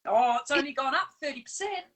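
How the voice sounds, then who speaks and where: A woman with a high, bright voice hosts a casual live stream over a call. She talks animatedly and laughs often. Fillers and restarts run through her speech. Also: animated, quick pace, low-quality recording. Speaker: stand-in host of a live show. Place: on Bribie Island.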